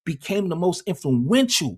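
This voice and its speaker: A man's voice: high-pitched, sing-song, normal speed, darkish tone, slightly rough. A man hosting a casual livestream, rambling and swearing heavily, often repeating words as he talks. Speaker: livestream host.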